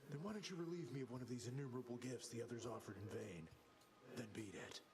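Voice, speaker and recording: A man's voice: medium pitch, fast talker, noisy background, close to an everyday voice. An actor playing a vain young man in a video game, smug and mocking toward others. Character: vain young male beauty, smug and dismissive.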